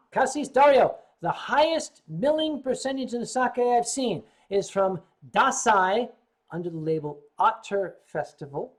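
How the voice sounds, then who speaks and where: An older man from the United States hosting a casual livestream, rambling, reading viewer comments, often clearing his throat between sips. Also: high voice. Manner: sipping drinks while chatting. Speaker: livestream host.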